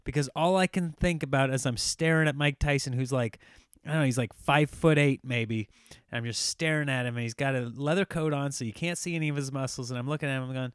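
A man hosting a podcast, telling rambling stories in a casual, animated way and laughing often. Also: a little high, moderate pace, clear, resonant tone, no room sound, clean studio sound. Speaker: podcast host. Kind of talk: casual storytelling monologue.

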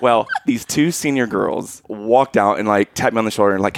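A man's voice: lowish voice, normal speed, gravelly, no room sound, clean studio sound. A man co-hosting a casual chat, telling personal stories animatedly and laughing often. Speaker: podcast co-host.

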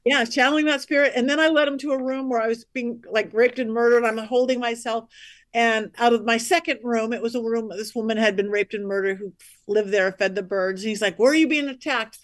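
A woman, a psychic medium guest on a podcast, telling stories in a lively, chatty way and acting out the voices of the people in them. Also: fairly high pitch, brisk, no room sound, studio quality. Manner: lively, acts out quoted voices, chatty asides. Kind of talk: animated storytelling on a podcast.

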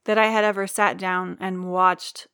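A woman's voice: lowish voice, little pitch movement, measured pace, pushed and bright, clear, resonant tone, no room sound, studio quality. A woman co-hosting a podcast in casual chat, joking and self-deprecating, swearing now and then. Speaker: podcast co-host.

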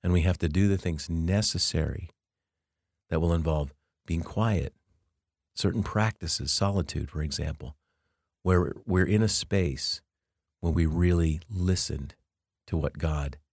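A man hosting a podcast, speaking in a slow, earnest preaching cadence about faith. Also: sits low, darkish tone, no room sound, clean studio sound. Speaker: podcast host and teacher. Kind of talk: reflective sermon-style podcast talk.

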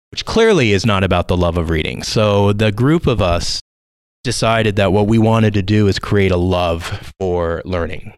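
Man, very low voice, dry close sound, thoughtful podcast guest, repeats words for emphasis. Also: clean tone, no room sound. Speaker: education guest speaker. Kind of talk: conversational podcast interview.

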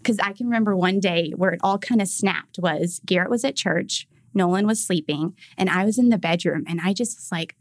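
A woman's voice: lowish voice, a little fast, few pauses, dry recording. A young woman, a mother and podcast guest, telling casual stories and acting out quoted lines with big jumps in her voice.

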